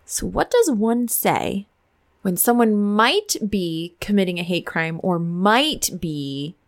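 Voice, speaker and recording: A woman's voice: mid-range voice, lively intonation, slow. A woman playing a tabletop role-playing game, speaking in a matter-of-fact, dry way. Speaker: player. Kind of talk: tabletop role-play chat.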